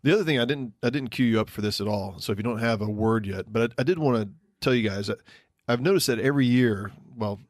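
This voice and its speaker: A man's voice: mid-range voice, fast, hardly any pauses, no room sound, clean studio sound. A man co-hosting a podcast, chatting casually and rambling a bit with ums and restarts. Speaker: podcast co-host.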